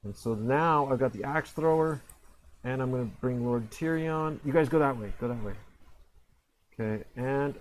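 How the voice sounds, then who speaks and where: A man's voice: mid-range voice, normal speed, slight background noise, low-quality recording. A man casually commentating his own game, rambling and self-mocking, with frequent fillers and restarts. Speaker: gameplay commentator.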